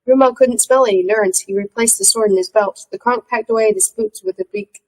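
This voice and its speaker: A woman reading a novel aloud in a steady storytelling manner. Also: a little high, a little fast, poor audio. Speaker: audiobook reader.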